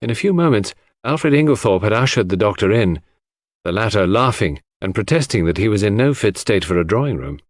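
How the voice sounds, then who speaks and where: Low-voiced man narrating a mystery. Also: lively intonation, fairly quick, dry recording. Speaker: audiobook narrator. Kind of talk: scripted narration of a classic mystery.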